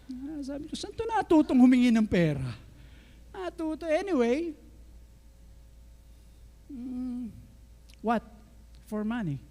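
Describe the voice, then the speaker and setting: A middle-aged man with a Filipino accent preaching a sermon, telling stories lively and acting out the dialogue. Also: extremely high pitch, a little slow, pauses often. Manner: lively storyteller who acts out dialogue and laughs along. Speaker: pastor. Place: church sanctuary. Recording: reverberant church hall.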